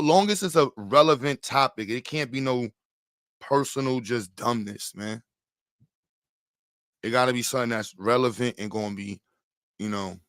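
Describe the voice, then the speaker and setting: Animated trash-talking man, dry close sound. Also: mid-range voice, moderate pace, long pauses, no echo. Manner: animated, laughing, slangy and teasing. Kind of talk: casual trash-talking banter.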